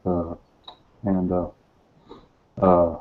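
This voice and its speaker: A man doing an impression of a male president giving a speech, soft-spoken and halting, full of slow uh pauses. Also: low-pitched, level tone. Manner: hesitant, halting delivery. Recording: tinny phone-like call audio.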